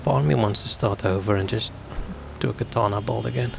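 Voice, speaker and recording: A man streaming a video game, chatting loosely and answering viewers in a low, heavily gravelly voice. His talk drifts from thought to thought. A steady hiss of noise sits under the recording. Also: fairly quick. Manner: relaxed, rambling, answers chat. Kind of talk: casual gameplay commentary.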